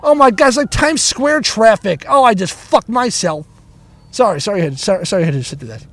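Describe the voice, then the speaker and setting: A man with a high voice rants from inside his car, stuck in traffic and talking into a handheld recorder. He swears in nearly every sentence, trails off and restarts, and rambles from one tangent to the next. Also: animated, fairly quick. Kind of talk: rambling profane storytelling.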